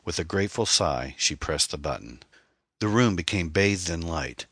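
A man narrates a mystery audiobook in a steady, suspenseful manner. His voice sits very low, husky and forceful. The recording is dry and close. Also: moderate pace, no echo.

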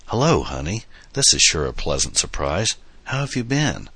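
A man's voice: deep voice, big pitch swings, normal speed, pushed and bright, slightly rough, no echo, voice pushed up, exaggerated voice. A man doing a fond, fatherly older uncle. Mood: genial. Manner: genial, fatherly, teasing. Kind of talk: audiobook dialogue.

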